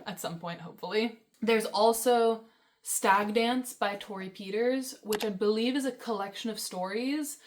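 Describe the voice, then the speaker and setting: A young woman vlogging about books in a casual, rambling, enthusiastic way, with many fillers and laughs. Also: medium pitch. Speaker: book vlogger. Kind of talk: casual chat.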